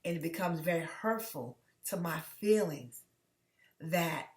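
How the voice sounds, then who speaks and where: A woman's voice: lowish voice, lively intonation, measured pace. A woman host from the United States talks straight to her viewers in an earnest, emotional way, often stopping and restarting her sentences. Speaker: channel host. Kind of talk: direct-to-camera commentary vlog. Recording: echoey room.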